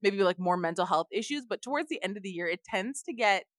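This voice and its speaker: A woman's voice: medium pitch, animated, fast talker, fairly bright tone, dry recording, clean studio sound. A young woman co-hosting a teacher podcast in casual chat, laughing often and saying "like" a lot.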